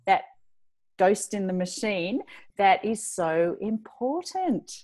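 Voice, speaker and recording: Australian woman explaining calmly. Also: mid-range voice, slow. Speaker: guest expert, healer. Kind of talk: interview conversation.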